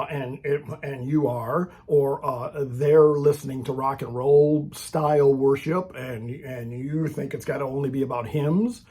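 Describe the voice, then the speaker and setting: A man's voice: a little high, a little mellow, husky. A man making an impassioned, preachy rant straight to camera for his video channel, blunt and full of repeated "okay?"s and restarts. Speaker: Christian video maker.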